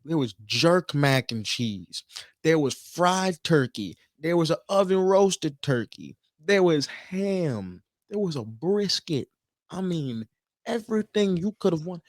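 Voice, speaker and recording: Animated storytelling man, dry close mic. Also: on the high side, takes it slowly, no echo. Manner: animated storyteller, swears freely. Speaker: podcast co-host. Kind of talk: casual chat.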